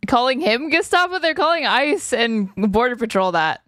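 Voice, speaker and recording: Sarcastic woman with a smooth voice. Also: on the high side, expressive, normal speed, a bit bright, no echo, studio quality. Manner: sarcastic, combative retorts. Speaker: podcast co-host. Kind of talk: casual livestream commentary.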